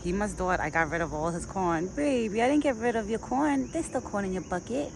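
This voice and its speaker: A vlogger feeding a deer outdoors, switching between soft, sing-song baby talk to the animal and relaxed, chatty asides to the viewer. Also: medium pitch, brisk, gravelly, background noise. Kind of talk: casual vlog narration mixed with talk to an animal. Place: outdoors in a rural yard. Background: crickets and faint outdoor ambience.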